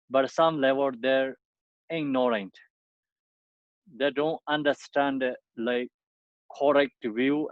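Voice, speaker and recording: A man teaches the dharma in a slow, unhurried way, pausing often and filling the gaps as he gropes for words in halting, non-native English. His mid-pitched voice comes through a dull, muffled recording. The room sounds dry and close. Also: dry recording. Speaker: Buddhist teacher.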